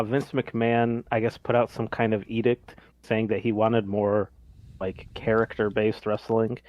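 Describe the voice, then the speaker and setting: A man's voice: lowish voice, darkish tone, no echo. Man with wry, hesitant analysis. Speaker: podcast co-host. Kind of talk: casual chat.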